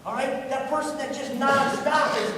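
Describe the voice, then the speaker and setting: Brief: energetic man exhorting a student crowd, voice strained very high, echoey hall recorded from far off. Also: normal speed, a little hiss or hum. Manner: fired-up, pumped, exhorting. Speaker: motivational speaker. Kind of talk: motivational speech to a school audience. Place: large indoor hall with audience.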